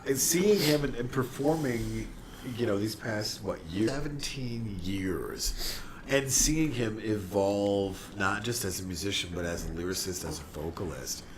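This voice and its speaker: A man's voice: fairly low pitch, a little slow. Earnest man with faint background hiss. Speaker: musician, bandmate of the host. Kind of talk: casual chat.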